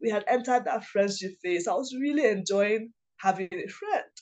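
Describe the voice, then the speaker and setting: A woman, a mother of several children, telling a personal story in a halting, emotional way, often restarting her sentences. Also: mid-range voice, lively intonation, darkish tone. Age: adult mother of several children. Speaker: guest sharing a personal story.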